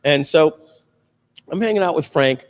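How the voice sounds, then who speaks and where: Man, host, casual chat, animated storyteller, frequent laughs, long room echo. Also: a little high, measured pace.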